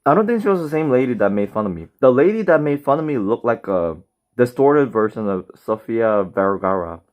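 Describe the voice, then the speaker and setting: A man's voice: medium pitch, sing-song, fairly quick, darkish tone. A man chatting casually on a live stream while reading chat, rambling with lots of fillers. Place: home, in bed.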